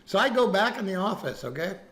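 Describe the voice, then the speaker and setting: A man's voice: high voice, very animated, brisk, a bit bright. A man casually telling a story to his chat, rambling with restarts and frequent "okay?" checks. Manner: rambling, lots of restarts and "okay?" tag questions.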